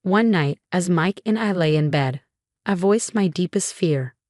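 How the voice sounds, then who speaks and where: A woman with a fairly low voice tells a dramatic first-person story in a steady, scripted narration. The recording is dry and close, with no room sound. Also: unhurried, no room sound.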